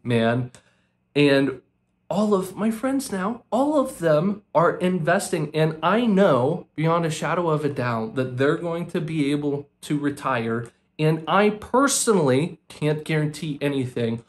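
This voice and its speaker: Earnest, impassioned young American man. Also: fairly high pitch. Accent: American English. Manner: earnest and impassioned, repeats words for emphasis; casual, says "man" and "dude" often. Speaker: vlogger, former financial advisor. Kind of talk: emotional unscripted monologue.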